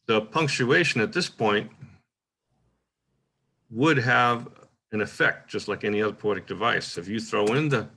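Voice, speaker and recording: A man hosting a poetry workshop, giving a relaxed, informal lecture and reading the same example line aloud in different ways. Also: fairly low pitch, a little slow, gravelly, pauses often. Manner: relaxed, thinking aloud with frequent "uh" and "right?".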